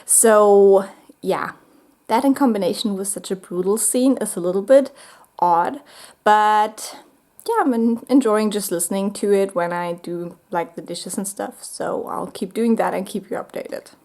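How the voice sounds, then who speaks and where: Young female book vlogger, casual and chatty, mid-pitched, rambling with ums and sudden gushing. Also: unhurried. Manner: chatty and rambling, with frequent ums and bursts of excitement. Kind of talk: casual reading vlog chat.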